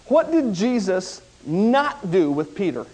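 A man preaching a sermon, retelling a story with dramatic swings between loud outbursts and quiet, hushed lines. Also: high-pitched, very animated, slow.

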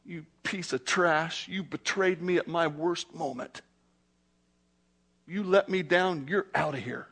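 Preacher putting on a scornful scolding man, low and contemptuous, in a sermon. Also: slow, fairly bright tone, husky, full character voice. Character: scornful man casting off a friend.

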